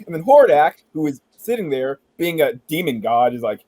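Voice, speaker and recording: Chatty, higher-voiced man telling a story. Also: fairly quick, few pauses, dry recording, poor audio. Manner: animated, joking storyteller who swears casually. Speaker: podcast host. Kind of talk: casual entertainment chat.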